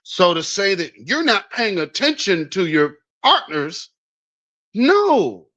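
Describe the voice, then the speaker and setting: A man's voice: high-pitched, very animated, slow pace, pushed and bright. A man hosting political commentary in a blunt, sarcastic, emphatic way, with a dull lo-fi recording. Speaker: news commentary host.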